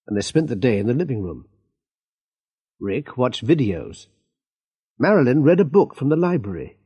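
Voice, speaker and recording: A man narrating a graded-reader story in a clear, measured way. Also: mid-range voice, warm tone. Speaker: audiobook narrator.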